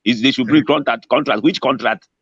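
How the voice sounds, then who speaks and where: A man's voice: medium pitch, fairly quick, vocal fry, breathy edge. A man on a panel, bluntly dismissive and firing rhetorical questions. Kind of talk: opinionated panel discussion. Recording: dry dull lo-fi sound.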